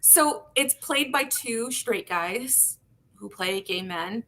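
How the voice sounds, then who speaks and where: A woman's voice: on the high side, lively intonation, takes it slowly, sharp tone. Hesitant woman co-hosting a podcast. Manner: hesitant, many restarts and "like" fillers. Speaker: podcast co-host. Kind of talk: casual panel discussion.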